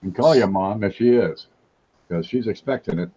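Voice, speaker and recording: A man's voice: on the low side, moderate pace, warm tone, slightly rough, dull audio. A man hosting a casual livestream chat, wisecracking and joking as he talks. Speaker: host.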